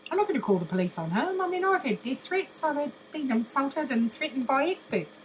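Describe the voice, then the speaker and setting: A woman's voice: sits high, lively intonation, a little fast, a little hiss or hum, poor audio. An older woman, ranting bluntly in a monologue, mocking and swearing constantly, laughing often. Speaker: vlogger.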